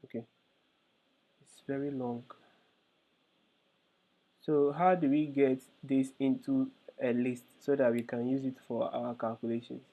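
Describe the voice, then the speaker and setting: A man's voice: medium pitch, level tone, a little slow, long pauses. A male instructor explaining code step by step in a live online lesson, hesitant with frequent fillers. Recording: tinny phone-like call audio.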